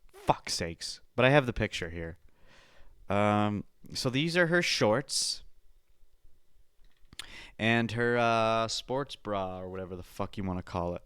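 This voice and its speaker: A man's voice: lowish voice, a bit bright, clean tone, no echo, studio quality. A young man hosting a podcast, breaking down fights in a loose, profane, chatty way. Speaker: podcast host.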